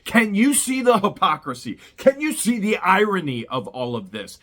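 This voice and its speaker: A man's voice: high voice, big pitch swings, normal speed, bright, forceful tone. A man hosting his own citizen journalism vlog, indignant and full of rhetorical questions. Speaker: vlogger and citizen journalist host. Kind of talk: outraged commentary to camera.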